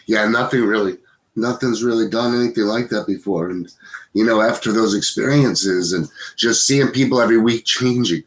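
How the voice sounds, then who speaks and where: A man's voice: lowish voice, moderate pace. Rambling middle-aged man. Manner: rambling, heavy on fillers. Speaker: podcast co-host. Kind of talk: casual conversation.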